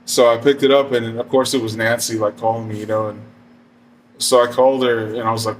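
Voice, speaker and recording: A man's voice: medium pitch, level tone, fairly quick, distant mic, a little hiss or hum. Laid-back rambling middle-aged man. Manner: rambling, profane, laid-back, many fillers. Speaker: storyteller. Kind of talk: casual storytelling.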